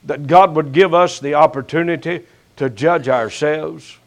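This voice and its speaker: An older man preaching a sermon as pastor, his voice rising sharply and then dropping to a hush, with folksy, teasing jabs at his listeners. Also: a little high. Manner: slow preaching with sharp rises and hushed drops.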